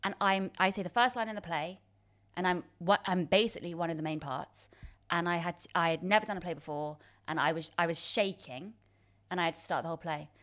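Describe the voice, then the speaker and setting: A woman in her thirties telling a story in casual chat, self-deprecating and quick to laugh, with many restarts. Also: on the low side, a bit bright. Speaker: guest.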